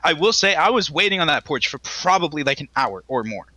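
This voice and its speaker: A man's voice: fairly high pitch, sing-song, a little fast, sharp tone. A young man co-hosting a casual podcast, telling a story with lots of laughs and acted-out quotes. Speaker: podcast co-host. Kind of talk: casual chat.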